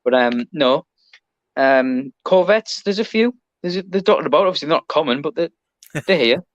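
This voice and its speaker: A man's voice: fairly high pitch, lively intonation, normal speed, no room sound, dull audio. A man with an English accent, a podcast guest, chatting casually and rambling with lots of ums and restarts. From Britain. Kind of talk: casual chat.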